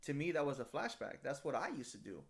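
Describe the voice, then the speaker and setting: A man's voice: mid-range voice, fast talker, gravelly. Laid-back man telling stories. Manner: relaxed storytelling, says "dude" often. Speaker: podcast co-host. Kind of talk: casual chat.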